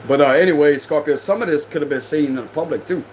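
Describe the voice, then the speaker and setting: Heated young man with a high voice. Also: fast, a little hiss or hum, poor audio. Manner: heated and confrontational, slangy. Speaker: tarot reader. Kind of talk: livestream rant.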